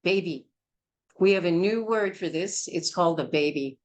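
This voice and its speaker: A woman's voice: fairly low pitch, normal speed, poor audio. A woman teaching a childbirth class in a blunt, emphatic, hard-hitting way. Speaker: childbirth educator.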